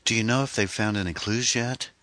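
Casting: man reading as a tearful middle-aged ex-wife, pleading, voice pitched up from a very deep base. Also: a little fast, pushed and bright, dry recording. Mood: worried.

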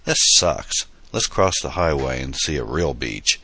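Upbeat young boyfriend, read by a deep-voiced man. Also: animated, unhurried, pushed and bright, slightly rough, no echo, full character voice.

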